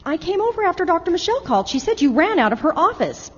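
A woman's voice: very high-pitched, sing-song, fast talker, long reverb tail, muffled recording. An actress playing an anxious mother pleading with her daughter in a radio drama. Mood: worried. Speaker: worried mother.

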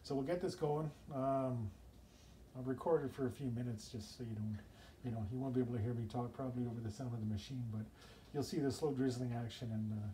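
A man's voice: medium pitch, fairly even intonation, fast talker, dark tone. Man, casual cooking vlog, rambling, chatty, home kitchen, noisy recording, camera across the room. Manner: rambling, chatty, self-interrupting. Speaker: home cook.

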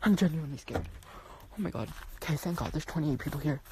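A young woman livestreaming from her yard at night, chatting casually with viewers, jumpy and swearing, often dropping to hushed whispers. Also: low voice, expressive, fast talker, noisy background. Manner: jumpy, swearing, lots of "like" and "oh my god". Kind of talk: casual live stream chat. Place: outdoors at night around a house and yard.

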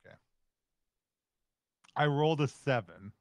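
A man plays a tabletop game in a mid-pitched voice, often stumbling and restarting as he works out his turn. The recording is dry and close. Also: expressive, unhurried, no room sound. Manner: hesitant, restarts his sentences. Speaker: player. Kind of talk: casual tabletop game play.

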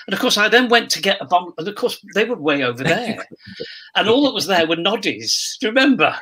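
An older man, a guest telling lively anecdotes and laughing often. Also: sits high, quick pace, a crowd in the background, rough recording. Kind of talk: casual reminiscing chat.

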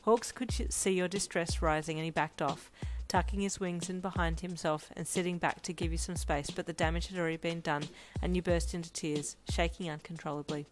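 Woman softly narrating a fanfic. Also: fairly low pitch, steady tone, fairly quick, hardly any pauses, over music. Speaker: fanfiction reader. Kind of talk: audio story narration.

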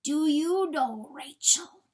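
A woman reading a storybook aloud, voicing a bewildered, grieving father coyote who pleads in halting, breathy, hushed words. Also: sits high, expressive, distant mic, voice pushed up, heavily acted. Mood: pleading. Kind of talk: dramatic audiobook reading.

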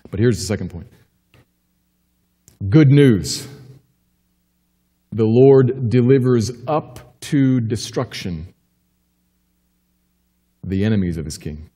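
A pastor preaching a sermon with emphatic delivery, rising to urgent questions and dropping to quiet assurance. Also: male voice, fairly low pitch, lively intonation, slow pace, long pauses, breathy edge, big-room sound. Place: church sanctuary.

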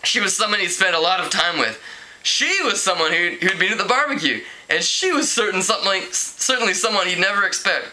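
A man's voice: lively intonation, a little fast, pushed and bright, rough recording. A man reading a teen novel aloud casually, stumbling over words, correcting himself and laughing at the story. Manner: voices characters with raised pitch. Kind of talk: casual read-aloud narration.

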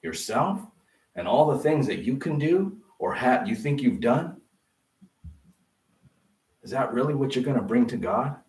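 A man's voice: medium pitch, animated, a little slow, long pauses, a little mellow, distant mic. A male pastor giving a conversational sermon in a church, acting out the voices he quotes. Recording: echoey room, voice off-mic.

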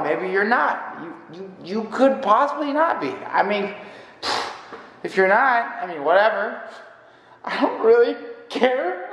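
A man's voice: high voice, fairly bright tone. A man chatting casually to his viewers in a playful, rambling and self-mocking way. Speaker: vlogger. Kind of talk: casual vlog chat. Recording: echoey room with long reverb.

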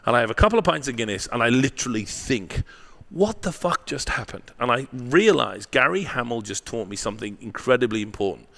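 Animated, profane man telling stories. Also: medium pitch, fast, vocal fry, few pauses. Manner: profane, animated storyteller with tag questions. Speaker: guest, marketing professor. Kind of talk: candid storytelling interview.

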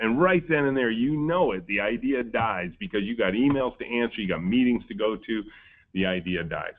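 Low-voiced man telling stories, phone-like audio. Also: brisk. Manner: lively storyteller, acts out quoted dialogue. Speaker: company founder giving a webinar talk. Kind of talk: storytelling keynote. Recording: tinny phone-like webinar audio.

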